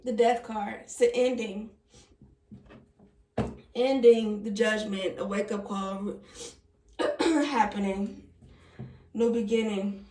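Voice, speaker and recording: A woman's voice: mid-range voice, takes it slowly, long pauses, dark tone. A young woman reading tarot cards in a casual, emotional way, often laughing. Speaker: tarot reader. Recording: echoey room, voice from a distance.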